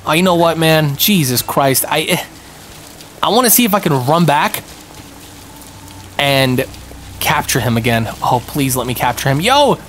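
A young man giving live commentary on a multiplayer game, excitable and panicky, yelping and throwing in a lot of slang. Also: on the high side, a little slow, pauses often, slight background noise. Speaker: gaming streamer.

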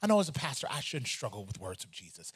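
A man, a pastor, preaching a sermon in an animated, conversational way with humor and repeated phrases. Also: medium pitch, fast talker, slightly rough.

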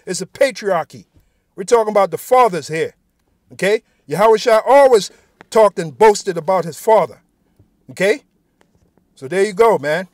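A man's voice: high-pitched, dry recording, studio quality. A man giving an informal sermon, reading scripture aloud and speaking bluntly and profanely, often tacking "man" onto his sentences. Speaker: preacher.

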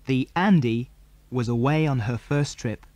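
A man narrating a children's adventure audiobook in a measured storytelling manner. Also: medium pitch, darkish tone, no echo. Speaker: audiobook reader.

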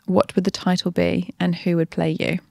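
A woman's voice: lowish voice, flat delivery, vocal fry, a little mellow, no room sound, clean studio sound. A woman from Australia with an Australian accent, hosting a casual interview in a chatty, playful way. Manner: chatty, playful, quick to laugh. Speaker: podcast host.

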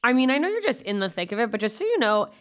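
A woman comedian co-hosting a podcast, chatting casually with profane comic asides and quick reactions. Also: on the high side, big pitch swings, fairly bright tone. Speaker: podcast co-host, stand-up comedian. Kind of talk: casual chat.

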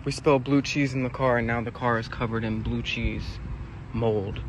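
A man's voice: mid-range voice, fairly even intonation, normal speed, slight background noise. Man in a car, incredulous and swearing.

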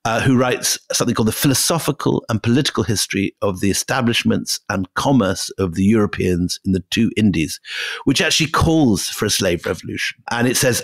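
Male podcast co-host, deep-ish voice, casual history chat, stumbles and repeats words. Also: dry recording. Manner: halting, repeats words while thinking.

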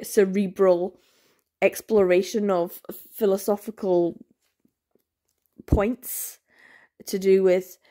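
A woman's voice: mid-range voice, darkish tone. A woman vlogger in a casual review, ranting in exasperation, swearing bluntly and repeating words for emphasis. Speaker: book vlogger.

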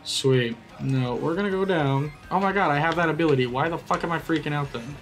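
A young man giving excitable, profane live commentary while racing in a kart game, often yelling at it. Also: on the high side, brisk, soft background music. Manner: excitable, swears a lot, yells at the game. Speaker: gaming YouTuber.

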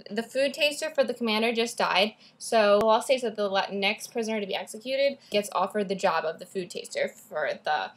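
A woman's voice: medium pitch, fairly quick, hardly any pauses. A teenage girl talking about books in a bubbly, chatty vlog, often drifting off topic, recording at school. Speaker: book vlogger. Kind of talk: casual book talk vlog.

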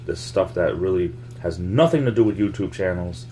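Deep-voiced man rambling into a vlog. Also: expressive, moderate pace, mellow, a little hiss or hum. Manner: meandering, repeats phrases, coins words. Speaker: YouTube vlogger. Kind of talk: casual rambling monologue to camera. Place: home, near the laundry.

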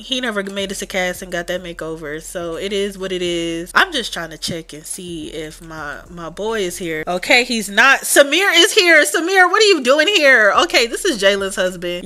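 A woman chats her way through a life-sim game, sassy and full of slang. Her voice is bright and sharp, and her pitch bounces around a lot as she reacts. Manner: sassy, slangy running chatter. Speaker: Sims let's player. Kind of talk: casual game commentary.

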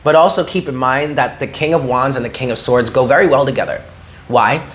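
In a tarot reading delivered a little fast, the man's mid-range voice has a fairly bright quality. He's earnest and supportive toward the listener, dropping in "okay?" again and again.

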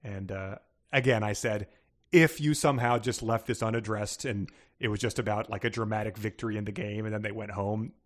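A man's voice: fairly low pitch, steady tone, a little fast. A man co-hosting a casual book podcast, rambling through plot summaries with frequent restarts and laughter. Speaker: podcast co-host.

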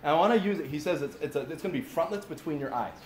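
Rapid-fire and expressive, a pastor with a fairly high voice talks informally through his sermon at a father-son camp gathering, addressing the audience directly with plenty of asides. The recording is echoey, with faint ambience and slight background noise.

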